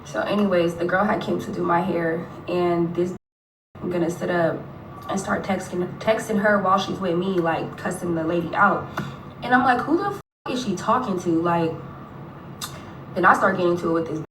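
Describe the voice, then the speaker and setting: A woman's voice: fairly low pitch, steady tone, normal speed, recorded from a distance, noisy background. A woman talking casually on a livestream, telling a story in a blunt, profane, gossiping way. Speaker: livestreaming rapper. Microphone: phone on a livestream. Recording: echoey room, phone held away.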